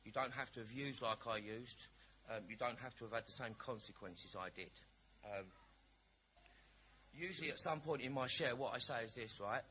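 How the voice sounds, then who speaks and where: A man speaks at a recovery meeting in a bright, forceful voice of average pitch. He tells his story bluntly and with cheeky humour, in a chatty storytelling way. A faint hiss sits behind the recording. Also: normal speed. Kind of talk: personal recovery share.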